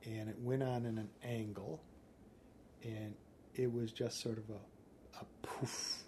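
A man's voice: on the low side, flat delivery, takes it slowly, warm tone, slight background noise. A man recounting what he witnessed in an interview, telling it plainly and directly and acting out what was said. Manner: plain, direct storytelling with quoted speech. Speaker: eyewitness. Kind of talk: interview recollection.

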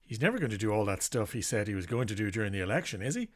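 A man's voice: lowish voice, sing-song, rapid-fire. A man making a sarcastic comic aside in a mocking, sing-song tone.

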